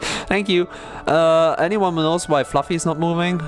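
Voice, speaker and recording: A streamer plays a visual novel live, chatting and musing aloud about the story at a fairly quick pace over soft background music, giggling often. She bursts into high, excited squeals when greeting and reads the game narration in a soft, low, dreamy tone.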